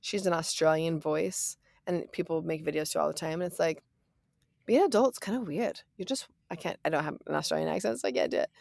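A woman in her thirties co-hosts a podcast in an animated, playful way, full of "like" and "you know." Her voice sits low with a gravelly fry, and the sound is dry and close. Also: fast talker, few pauses, no echo. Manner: animated, playful, lots of fillers. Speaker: podcast co-host. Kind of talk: casual chat.

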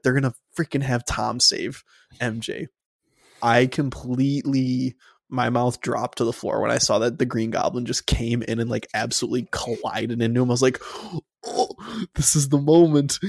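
A man with a gravelly, rough-edged voice talks through a film review in loose, excited podcast chat. He circles back and restarts as he gushes like a devoted fan. The sound is dry and close, with no room around it. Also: medium pitch, no echo. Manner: enthusiastic fan, rambling with restarts. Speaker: podcast co-host. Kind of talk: casual movie review chat.

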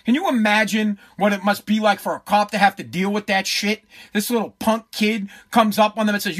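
A man's voice: high voice, fairly quick, few pauses, a bit bright. A man in his forties giving a blunt, profane, heated commentary. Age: 40s. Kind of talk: ranting commentary.

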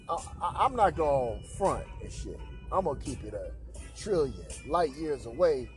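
A man's voice: a little high, big pitch swings, moderate pace, faint music behind. A man hosting a podcast, telling a crude anecdote in a profane, slangy way with lots of repeated filler tags. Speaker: podcast host.

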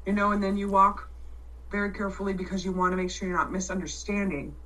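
A woman in casual chat, loud and blunt, swearing freely and restarting her sentences as she tells a story. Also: mid-range voice, little pitch movement, quick pace, distant mic, rough recording.

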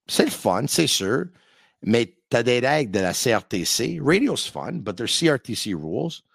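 Man, call-in sports host, lively up-and-down delivery, dry studio sound. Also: medium pitch, moderate pace, vocal fry, slightly rough, no room sound. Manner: animated, switches between English and French, rants playfully. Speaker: radio podcast host. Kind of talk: live call-in sports talk.

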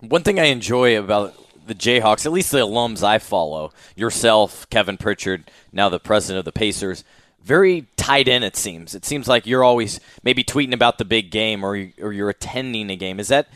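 A man's voice: fairly low pitch, lively intonation, moderate pace, a bit bright, no room sound, studio quality. A man hosting a podcast interview, asking long, easygoing, rambling questions. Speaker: podcast host. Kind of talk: casual interview conversation.

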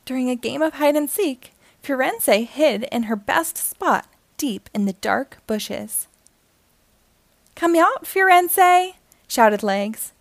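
A woman reads a children's picture book aloud in a gentle, expressive storytelling manner. Her voice sits fairly high with a noticeable vocal fry. The sound is dry and close. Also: slow pace, few pauses, no echo.

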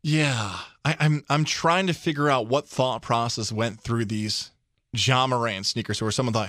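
A man's voice: mid-range voice, unhurried, a bit bright, no echo, studio quality. A man hosting a sports radio show, talking in a casual, opinionated way and steering the segment.

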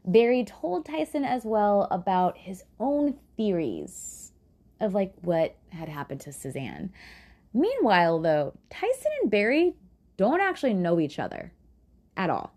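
Chatty, swearing woman with a lively, mellow voice. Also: medium pitch, unhurried. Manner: chatty, swears, sarcastic asides. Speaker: true crime podcast host. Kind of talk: casual true crime storytelling.

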